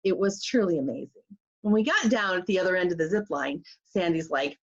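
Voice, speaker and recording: Animated woman telling a true story. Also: on the low side, a little fast. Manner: animated, acts out quoted voices. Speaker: life coach. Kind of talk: personal storytelling. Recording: slightly muffled recording.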